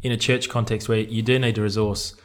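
A man's voice: lowish voice, flat delivery, fairly quick. A man co-hosting a church ministry podcast, asking questions and reading the outro in a chatty, joking way. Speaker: podcast co-host.

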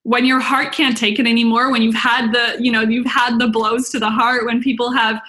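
A young woman, a business coach and podcast host, giving a chatty, excitable webinar talk full of "like" and acted-out inner voices. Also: a little high, moderate pace.

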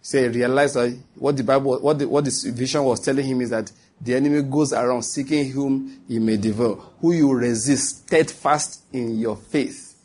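A male preacher with a husky, breathy voice at a middle pitch delivers a sermon. He presses his points through repetition and keeps asking his listeners whether they follow. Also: steady tone, normal speed, a little mellow. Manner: emphatic and repetitive, with asides to the listeners. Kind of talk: sermon to a congregation.

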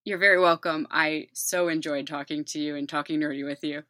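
Low-pitched woman, emergency doctor, brisk and quick, dry close-up sound. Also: steady tone, sharp tone, no echo. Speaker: guest emergency physician. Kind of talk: podcast interview.

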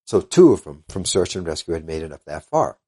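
Older guy, really low voice, earnest and halting, quoting people as he tells it. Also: sing-song, mellow, breathy edge. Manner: earnest, halting, retells others' words in dialogue. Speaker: interview guest. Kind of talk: casual storytelling interview.

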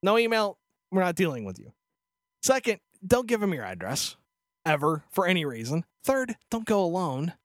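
A man's voice: high-pitched, sing-song, moderate pace, dry recording. Sarcastic cursing podcast guy, voice swings all over, dead dry mic. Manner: profane, ranting, sarcastic. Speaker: podcast co-host. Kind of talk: casual chat.

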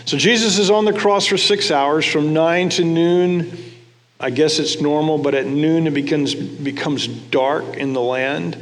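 A man preaching a sermon with a fairly high voice. He talks to the congregation in a conversational way, tossing them questions, and his words ring with the long reverb of a large hall. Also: a little slow. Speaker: pastor.

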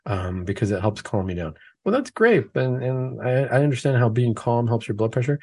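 Speaking at normal speed with lively intonation, this Catholic talk show host has a husky, dark, medium-pitched voice. He chats casually, raising his voice to act out imagined excuses and driving his points home with repeated questions, and the recording has no room sound.

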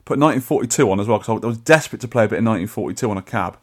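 Fast-talking chatty man. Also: lowish voice, animated. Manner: chatty, rambling with restarts. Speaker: podcast co-host. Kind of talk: casual chat.

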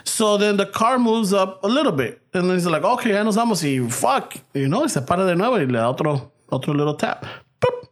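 Animated storytelling man, swearing freely. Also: high voice, a little fast. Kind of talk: casual chat, storytelling.

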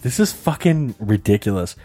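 A young man on a casual podcast, telling a story in an animated way and laughing often. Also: moderate pace, faint music behind. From Canada. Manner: animated storyteller, jumps high for quoted voices, laughs often. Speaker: podcast co-host.

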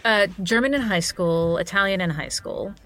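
A woman's voice: mid-range voice, normal speed, fairly bright tone. A woman who narrates audiobooks, chatting as a guest in an interview, laughing often between many fillers and restarts. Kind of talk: casual interview chat.

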